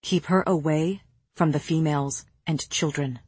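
Woman doing a gruff male warlord, scornful, suspicious, blunt, lowered voice, husky. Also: expressive, slow, no room sound, full character voice.

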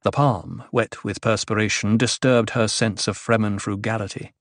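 A man's voice: fairly low pitch, fairly even intonation, moderate pace, no room sound. Man narrating an audiobook, dry sound. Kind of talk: scripted narration.

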